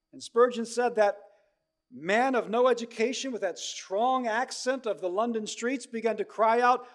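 A man preaching a sermon, moving between hushed storytelling and loud, emphatic exhortation. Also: very high-pitched, normal speed.

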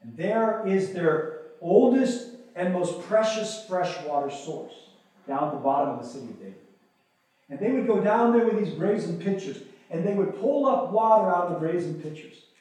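A man's voice: high voice, lively intonation, normal speed, darkish tone, breathy edge. A man preaching a sermon as pastor, reading scripture aloud and building to emphatic, raised passages.

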